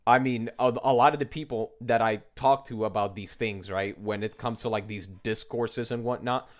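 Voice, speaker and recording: A man's voice: lowish voice, fairly even intonation, normal speed. A young man from the United States ranting in a casual monologue, exasperated and swearing often as he mocks what others say. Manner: exasperated, swears often, mocking quoted voices. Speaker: commentator.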